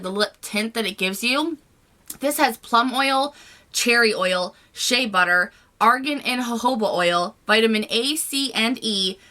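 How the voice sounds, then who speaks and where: A woman's voice: mid-range voice, sharp tone. A woman giving a casual, gushing makeup review to camera, chatty and full of fillers. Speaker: beauty vlogger.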